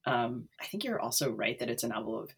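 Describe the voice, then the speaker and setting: A woman co-hosting a casual book discussion, speaking thoughtfully with frequent pauses and fillers. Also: rumbling low, animated, creaky, slightly rough. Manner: thoughtful, hesitant, many fillers.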